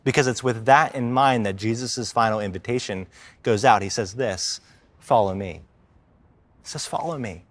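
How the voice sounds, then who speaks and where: A man preaching a sermon as a church minister, talking casually and slowing down to stress key points. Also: medium pitch, fairly even intonation, no echo. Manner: conversational preaching, acts out quoted complainers, slows for emphasis. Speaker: life group minister preaching.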